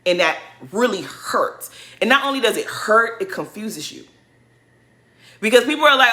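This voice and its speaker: Sassy woman with a bright voice. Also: a little high, expressive, moderate pace, pauses often. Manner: sassy, emphatic, mocks others in put-on voices. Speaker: reality TV recap vlogger. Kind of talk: casual opinionated commentary.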